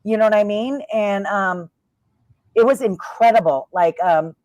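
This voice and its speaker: On a dry, lo-fi recording, a middle-aged woman speaks at a medium pitch and measured pace. Once a wrestler, she chats casually with an interviewer, talkative and animated, acting out what the people in her stories said.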